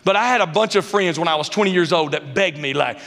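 In a church sanctuary with plenty of reverb, a high-voiced male pastor talks fast through a sermon built on funny personal stories. Animated and using dialect grammar, he performs the quotes as he tells them.

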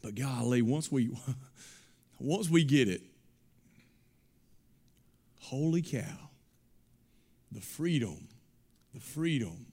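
A male pastor delivering a sermon in an emphatic, building style. He repeats phrases and restarts lines as he drives each point home. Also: medium pitch. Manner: emphatic, rising to loud exclamations.

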